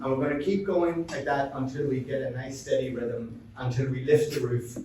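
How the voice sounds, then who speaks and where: A man's voice: mid-range voice, steady tone, normal speed, warm tone, a little hiss or hum. A middle-aged Irish man giving an upbeat live seminar talk, joking with the audience and calling people by name. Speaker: resilience consultant presenting a session. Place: large event room. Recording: very roomy, mic at a distance.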